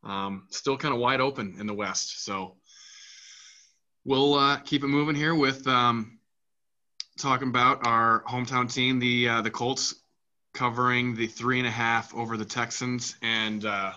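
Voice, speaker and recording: A man hosting a casual sports podcast, rambling with lots of fillers and getting animated about the games. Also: medium pitch, measured pace, highs cut off. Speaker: podcast host.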